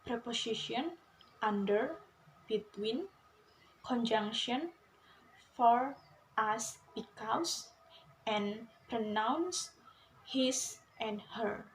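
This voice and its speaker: A young woman with an Indonesian accent, a student reading a pronunciation assignment slowly and carefully, repeating each example sound. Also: a little high, expressive, slight background noise, rough recording. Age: young adult. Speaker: student presenter.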